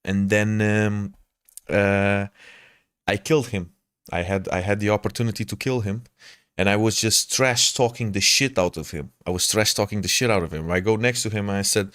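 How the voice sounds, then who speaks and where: A man with a low voice spins a rambling, profanity-laced story for his stream. He tells it in a casual, animated way. The sound is dry and close. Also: moderate pace, no room sound. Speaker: game streamer.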